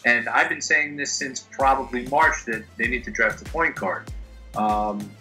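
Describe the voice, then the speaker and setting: A man, a guest sports editor on a podcast, talking in an animated, enthusiastic way and joking along. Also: mid-range voice, a little slow, faint music behind, rough recording. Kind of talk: casual podcast interview.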